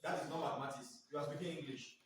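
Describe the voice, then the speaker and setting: A man's voice: on the high side, fairly even intonation, fast talker. A man teaching a class, prompting pupils to finish his sentences in a call-and-response lecture. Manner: repeatedly prompts the class to fill in words. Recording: echoey classroom from far off.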